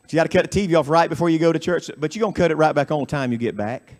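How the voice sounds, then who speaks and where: A man with a high-pitched voice delivers a camp meeting sermon. He moves between quick, quiet asides and chanted, shouted preaching, his pitch climbing as he builds. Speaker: pastor. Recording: radio broadcast of live sermon.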